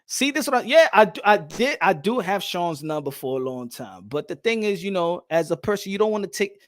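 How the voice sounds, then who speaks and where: Lively bilingual man. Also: sits high, brisk, no echo, clean studio sound. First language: Spanish. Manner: animated, laughing, switches into Spanish. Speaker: boxing podcast host. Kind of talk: casual chat.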